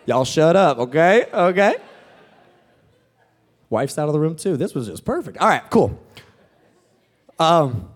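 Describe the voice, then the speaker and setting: A man preaching a sermon in an animated, joking, storytelling manner. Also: fairly high pitch.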